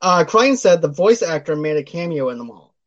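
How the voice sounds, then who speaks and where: A man's voice: on the high side, sing-song, fairly quick. Lo-fi man recapping a movie. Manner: retells scenes, reads listener comments. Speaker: podcast host. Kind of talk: casual chat about a movie.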